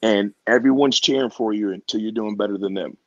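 A man's voice: on the low side, brisk, no echo. Chill slangy guy chatting in an interview, laughs a lot, kinda muffled dry audio. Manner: laid-back, slangy, laughs often. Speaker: wrestler guest. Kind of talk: casual interview chat.

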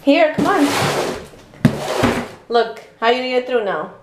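A woman's voice: sits high, animated, normal speed, heavy background noise. A woman filming a casual home vlog as a mother, playful and teasing, laughing often. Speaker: vlogger, mother.

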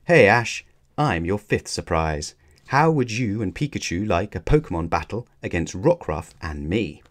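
A friendly male teacher speaks cheerfully in a children's storybook, as a man reads him aloud. The voice is low and inviting. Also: very animated, moderate pace, no echo.

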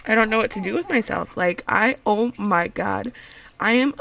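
A woman's voice: mid-range voice, moderate pace, vocal fry, no echo. A woman doing casual game commentary from home, gushing and exclaiming over and over, rambling with fillers into a desk microphone. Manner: gushing and excitable, repeated exclamations. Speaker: gaming video creator. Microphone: desk USB microphone.

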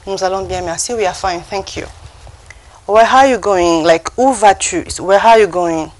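A woman teaching on a TV segment, pronouncing slowly and carefully and often restarting her sentences. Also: medium pitch, rough recording. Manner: slow, careful pronunciation with frequent restarts. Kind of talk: language lesson.

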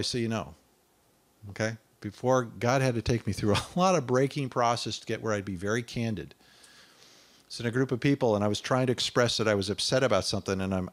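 A man preaching a sermon, reading scripture aloud and stopping to ask his listeners whether they follow, often rising to loud declamation on the quoted verses. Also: medium pitch. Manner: conversational asides asking the listener.

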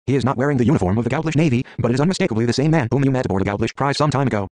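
A man reads the text of an interactive story game aloud at a brisk clip. His voice sits at an ordinary middle pitch, and he trips over words and restarts as he goes. Faint noise hums behind him. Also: darkish tone. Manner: reads quickly, stumbling and restarting, muttering menu words.

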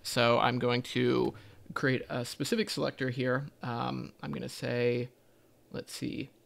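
Man, coding tutor, monotone, gravelly, thinks aloud, frequent ums. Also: medium pitch, unhurried. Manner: thinks aloud while typing, many ums and self-corrections. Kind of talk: screen-recorded coding walkthrough.

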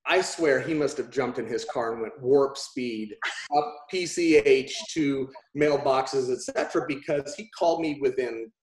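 A man in an interview telling stories, animated and acting out dialogue in different voices. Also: medium pitch, a little slow. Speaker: talent agent telling stories. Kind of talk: storytelling interview. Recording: roomy echo.

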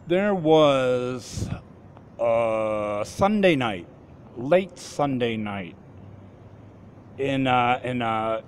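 A man in his fifties telling a personal story in a halting way, often restarting and repeating his words. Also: medium pitch, a little hiss or hum. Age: 50s. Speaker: formerly homeless man recounting an experience.

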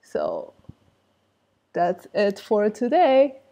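Slow, mellow-voiced woman teaching. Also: mid-range voice, wildly swooping pitch. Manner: repeats phrases, explains step by step. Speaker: language teacher. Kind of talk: casual language lesson.

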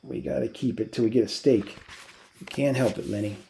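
Man doing a blunt, gruff ranch worker. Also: medium pitch, fairly even intonation, brisk, mellow, slight background noise, natural voice, low-quality recording. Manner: blunt, clipped. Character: tough, brusque itinerant ranch worker.

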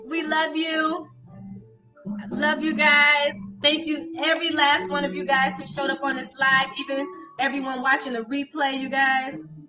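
A woman's voice: high voice, level tone, unhurried. A woman, a life coach signing off her live stream, effusive and encouraging, calling out viewers by name. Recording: music playing loudly behind her. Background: loud music.

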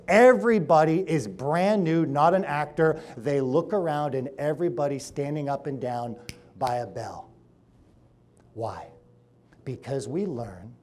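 A man with a slightly raised pitch addresses a seminar audience as a chiropractor. He tells his stories with animated energy and acts out the characters. His volume climbs to emphatic peaks and drops to quiet, drawn-out points. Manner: animated storytelling, acting out quoted people, swinging between loud and hushed. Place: room with an audience.

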